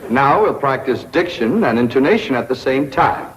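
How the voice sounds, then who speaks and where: A man's voice: medium pitch, expressive, normal speed, lo-fi sound, some chatter behind, a little hiss or hum, natural voice. An actor playing a pompous, lovestruck young society man in a 1960s sitcom, declaiming grandly.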